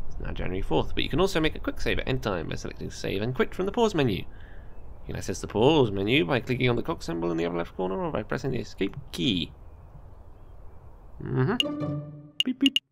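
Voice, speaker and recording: A man's voice: medium pitch, very animated, very fast, vocal fry, slight background noise. A British man hosting a let's play, chatting casually and reading game text aloud.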